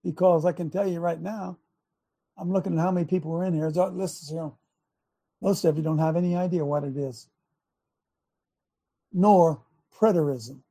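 A man hosting a talk show, preaching in a fiery monologue that shouts for emphasis. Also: high voice.

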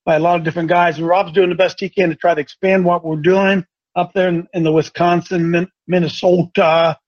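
A man from Ohio hosting a casual broadcast, folksy and excitable, repeating himself as he makes announcements. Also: high-pitched, brisk. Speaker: host. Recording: dull lo-fi sound.

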